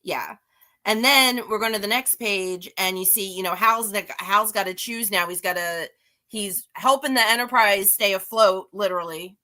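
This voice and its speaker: Speaking at normal speed, this woman has a mid-range voice with a bright, forceful tone. As a guest reviewer, she rambles casually through a comic-book recap, chatty, self-deprecating, and frequently starting over.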